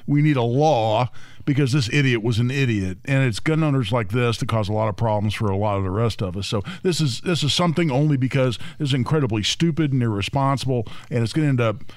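A man's voice: medium pitch, no echo. Man, fill-in radio co-host, emphatic, stammering, dry studio sound. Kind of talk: casual talk-radio banter.

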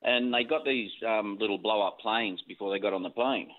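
A man calling in to a radio show, talking fast over a tinny phone line. He rambles through his story with ums and restarts. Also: on the low side. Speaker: caller.

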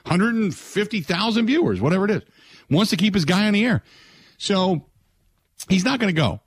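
Animated male sports radio host. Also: normal speed, breathy edge, no echo. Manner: animated, mocks others in high put-on voices. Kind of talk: casual sports talk radio.

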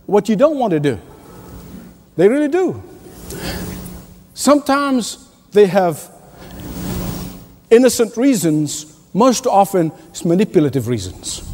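A man delivers a sermon in a notably high voice, pressing his points through repetition and little chuckles. The sound carries a long reverb, as if from a large hall. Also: a little mellow. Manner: emphatic preaching with repetition and chuckles. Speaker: pastor.

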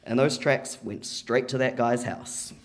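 A man, pitched in the middle, telling a story at a live event. His delivery is loose and conversational, full of "like" and "you know", and he slips into quoted voices along the way. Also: a little slow. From New Zealand. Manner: casual and chatty, heavy with "like" and "you know", acts out quotes.

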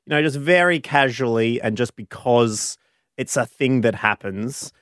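A man's voice: mid-range voice, measured pace, fairly bright tone, dry recording, clean studio sound. A young man co-hosting a radio show, telling rambling, jokey stories. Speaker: radio host. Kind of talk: casual radio chat.

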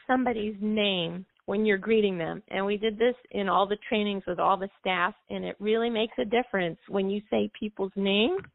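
A woman guest speaks with a gravelly edge, explaining at length and now and then singing short phrases to make her point. Her voice comes through a tinny, dry phone line. She sounds like a practiced trainer talking to a radio host. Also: mid-range voice, fairly even intonation, moderate pace, hardly any pauses, no echo. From United States. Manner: explanatory, sings snippets of songs to illustrate. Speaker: music therapist guest. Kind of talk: call-in radio interview.

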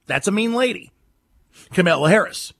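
A man's voice: sits high, animated, normal speed, gravelly, fairly bright tone, no echo, studio quality. A man hosting a political talk radio show, emphatic and mocking, who repeats his points and hammers them home.

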